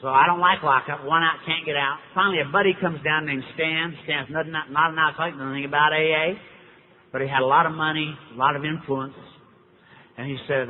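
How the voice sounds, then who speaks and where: A man's voice: fairly high pitch, fairly even intonation, brisk, a little hiss or hum. A man from Dallas, Texas, telling his story to an audience in a folksy, wry manner, acting out the dialogue as he goes. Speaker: recovery speaker. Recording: tinny lo-fi hall recording.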